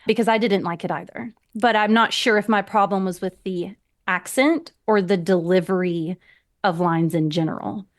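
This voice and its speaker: A woman's voice: medium pitch, normal speed. A woman from Georgia, US, chatting as a podcast guest about a film and often laughing as she talks. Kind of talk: casual film discussion.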